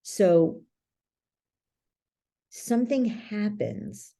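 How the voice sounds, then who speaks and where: A woman's voice: mid-range voice, extremely slow, mellow. A woman who is a guest coach, explaining ideas in an interview, telling stories and checking in often with the listener. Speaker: guest, belief-change coach.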